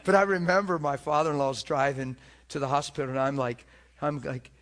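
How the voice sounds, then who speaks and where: A man preaching a testimony sermon, telling a story with animated delivery, acting out quotes and laughing often. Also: mid-range voice, a little fast.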